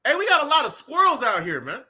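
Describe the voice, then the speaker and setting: A street preacher delivers an impassioned outdoor sermon in cold weather, reading scripture aloud with fervor. His voice is extremely high, swings hugely in pitch, and has a sharp tone as he talks fast. He keeps repeating "man" and "right" between lines.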